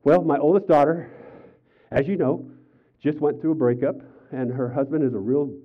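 An older man preaching a sermon as pastor, telling personal stories with animated, acted-out quotes. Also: a little high, normal speed. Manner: animated storytelling, acts out quotes with raised voice. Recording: tinny phone-like sound.

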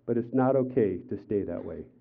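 Older man, pastor, sermon, animated storytelling, acted quotes, tinny phone-like audio. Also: lowish voice, brisk, gravelly. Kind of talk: sermon with personal stories.

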